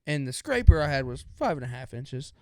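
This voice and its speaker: A man's voice: medium pitch, big pitch swings, fairly quick, warm tone, dry recording, studio quality. A young man co-hosting a podcast, telling stories in a laid-back, drawling way and saying "dude" often. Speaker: podcast co-host. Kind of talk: casual storytelling chat.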